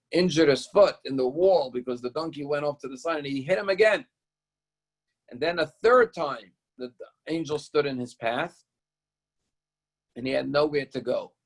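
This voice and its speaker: A man's voice: medium pitch, gravelly, poor audio. A male rabbi teaching a Torah lesson, retelling a story in an explanatory, storytelling way.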